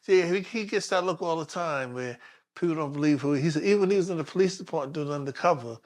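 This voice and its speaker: A man, a former detective from New York, telling stories in a casual interview, animated and acting out what people said. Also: on the high side, fast. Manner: animated storyteller acting out quotes with laughs. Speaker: guest, former police detective.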